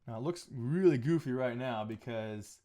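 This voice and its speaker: A man's voice: medium pitch, normal speed, dark tone. A man talking casually on a live stream while he edits photos, thinking aloud with frequent restarts and small asides. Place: home photo studio.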